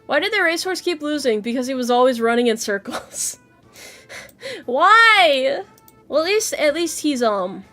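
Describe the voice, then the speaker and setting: Casting: playful woman streamer, high and animated voice, faint music behind, cheeky and laugh-prone. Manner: playful, laughs often, swears casually. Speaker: VTuber streamer. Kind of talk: casual chat with viewers.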